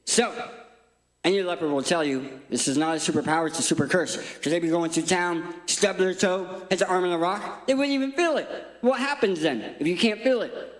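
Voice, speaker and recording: A man preaching an interactive sermon on stage, playful and energetic as he directs a volunteer. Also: high-pitched. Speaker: guest speaker. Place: large church hall. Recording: echoey church hall.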